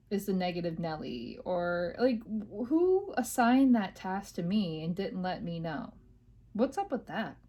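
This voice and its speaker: A woman's voice: fairly low pitch, mellow. Woman, podcast host, rambling, venting, casual chat, home desk. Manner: rambling, venting, many fillers. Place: home office, at her desk.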